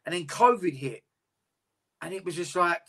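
A man tells his story in a casual interview. He talks candidly and rambles, swearing freely. His voice is bright and sits a touch high. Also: lively intonation, moderate pace, husky. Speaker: interview guest, boxer.

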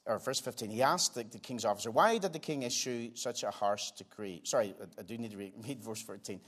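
An older man preaching a sermon in a church, earnest, pressing some lines hard and dropping others to quiet, slow asides. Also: lowish voice. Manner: earnest, swings between emphatic loud lines and quiet slowed asides. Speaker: pastor. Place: church sanctuary.

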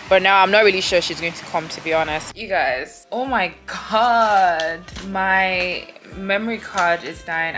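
A woman's voice: on the low side, fairly bright tone, slight background noise. A young woman vlogging casually to the camera, chatty and addressing viewers directly, often restarting and rephrasing as she talks into a handheld camera mic, first at home and later walking outdoors in a city. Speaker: lifestyle vlogger. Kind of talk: casual vlog talk to camera.

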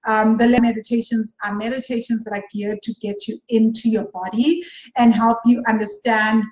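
Female podcast host, money coach; talkative, conversational, fairly high voice, recorded in a roomy space. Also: steady tone, moderate pace, a little mellow. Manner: chatty, frequent "right?" and self-corrections. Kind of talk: casual solo podcast talk. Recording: roomy echo.

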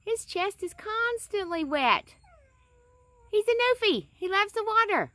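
High-voiced woman calling her puppy on the farm, voice swoops way up and down, phone-cam vlog outside. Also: big pitch swings, a little slow, pushed and bright, no room sound. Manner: coaxing sing-song calls to a puppy. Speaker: dog breeder filming her farm. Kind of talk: casual vlog narration. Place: outdoors on a farm.

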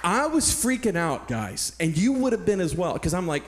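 A man from San Antonio preaching a sermon, speaking in a somewhat high voice. He tells a personal story in an earnest, animated way. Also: moderate pace, hardly any pauses, a little hiss or hum. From San Antonio, Texas. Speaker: pastor.

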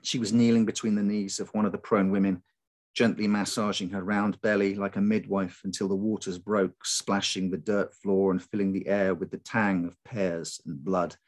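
Guy w a lowish voice reading a creepy folk horror story out loud, slow and measured. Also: little pitch movement. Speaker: writer reading his story.

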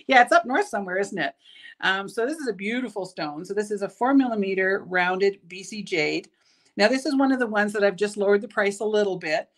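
Tired middle-aged woman, shop host, chatty and rambling, stumbles over her words, mid-pitched voice. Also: expressive, brisk. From Canada. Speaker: bead shop owner hosting a live product show. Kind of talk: casual live product showcase.

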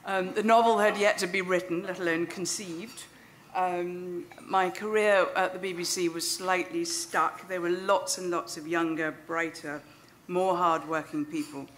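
A woman's voice: on the low side, steady tone, unhurried, a bit bright, slight background noise. A woman in her fifties telling a self-deprecating, wry story to a live audience. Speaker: speaker at a storytelling event. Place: stage before an audience.

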